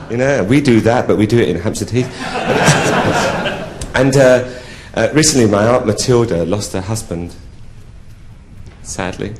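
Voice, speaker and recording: A man's voice: mid-range voice, very animated, takes it slowly, long pauses, background noise. A man doing live drag stand-up comedy, bawdy and camp, laughing at his own jokes on a theatre stage. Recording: echoey theatre with audience ambience.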